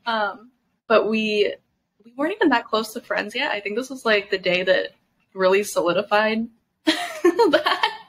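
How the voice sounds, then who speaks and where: A woman's voice: medium pitch, very animated, a little slow, pauses often, fairly bright tone, poor audio. A woman in her twenties co-hosting a podcast, telling stories in casual chat, laughing and swearing as she goes. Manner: chatty storyteller, laughing and swearing. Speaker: podcast co-host.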